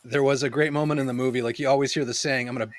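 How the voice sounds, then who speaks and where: A man's voice: mid-range voice, fairly even intonation, rapid-fire, dry recording. Laughing casual podcast guy. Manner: enthusiastic, laughing, acts out quoted lines. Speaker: podcast co-host reviewing a film. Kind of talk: casual movie review chat.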